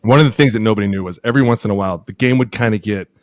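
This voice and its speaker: Man, thirties, podcast co-host, low voice, animated storyteller, swears and laughs, dry studio sound. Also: very fast, no room sound. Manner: lively storyteller acting out quotes, laughs often, swears. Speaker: podcast co-host, former offensive lineman. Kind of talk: casual chat, animated storytelling.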